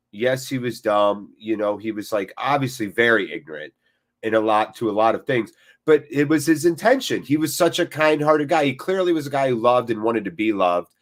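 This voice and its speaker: A man hosting a live football watchalong, chatting casually and jokingly with viewers, swearing freely and breaking off to react to the match. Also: lowish voice. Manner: jokey and off-the-cuff, swears freely; reacts to the match between chat replies. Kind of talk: casual live-stream chat, reading viewer comments.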